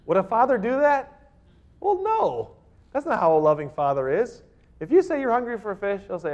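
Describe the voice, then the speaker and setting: A man's voice: high voice, big pitch swings, brisk, a little mellow. A man preaching a sermon as pastor, acting out little voices in his stories. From Northern California. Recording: dull lo-fi sound.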